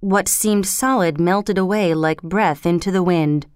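A woman narrating a storybook in a measured, clear way. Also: fairly low pitch, a little mellow, no echo, studio quality.

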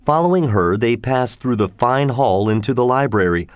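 A man narrating a storybook in a measured, even reading voice. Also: mid-range voice, clear, resonant tone, dry recording, studio quality. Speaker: audiobook narrator.

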